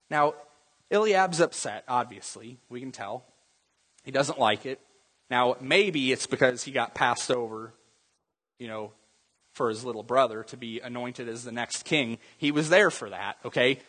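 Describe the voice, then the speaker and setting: A man's voice: medium pitch, measured pace, fairly bright tone, breathy edge, big-room sound. A man preaching a sermon as pastor, talking conversationally and acting out Bible scenes in different voices.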